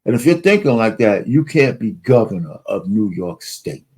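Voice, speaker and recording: A man's voice: lowish voice, very animated, normal speed, a little mellow, husky. A man hosting a political podcast, commenting bluntly and emphatically between played clips. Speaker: podcast host.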